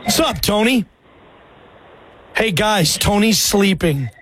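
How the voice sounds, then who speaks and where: A man hosting a sports talk radio show, energetic and chummy, full of slang as he takes calls. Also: high-pitched, takes it slowly. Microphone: studio microphone.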